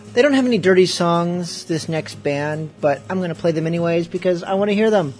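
A man's voice: sits high, fairly quick, a little mellow, soft background music. A man hosting a pirate radio show, chatting loosely and offhandedly between songs after a few drinks of rum. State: has been drinking rum. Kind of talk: casual rambling talk.

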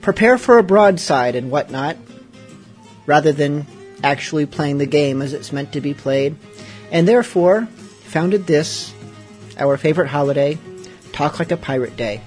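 Male radio host, wry casual patter, fairly high voice, faint guitar music behind. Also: unhurried, long pauses, darkish tone. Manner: dry, wry and joking.

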